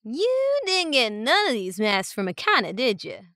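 A woman voicing a gruff male bandit with a rural accent in an audiobook. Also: on the high side, huge pitch swings, a little slow, bright, forceful tone, no echo, studio quality, pitched above the performer's own voice, exaggerated voice.

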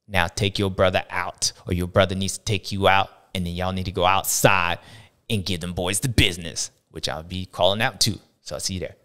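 A man hosts a racing show in animated casual commentary, slangy and playful, acting out other people's reactions with big jumps in pitch. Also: fairly quick, clean tone. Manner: slangy, drawling delivery. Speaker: host of a racing talk show.

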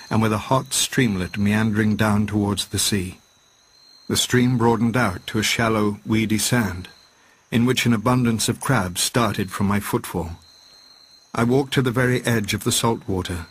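A man narrating a classic novel as an audiobook, in a steady, measured reading voice. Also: lowish voice, slight background noise.

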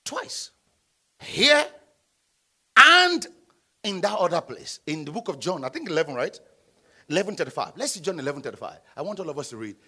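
Pastor man preaching, high bright voice that jumps all over, a bit husky, shouts now and then at the flock. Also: sing-song, normal speed, long pauses. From Nigeria. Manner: preaching with sudden shouts and call-and-response. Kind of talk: sermon. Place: church.

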